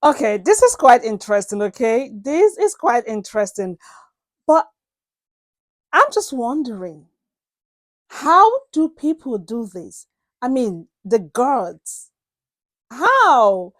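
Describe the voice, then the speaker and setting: A woman's voice: on the high side, sing-song, slow pace, pauses often, no room sound. A woman reacting to a story, incredulous and emphatic. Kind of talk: reaction commentary.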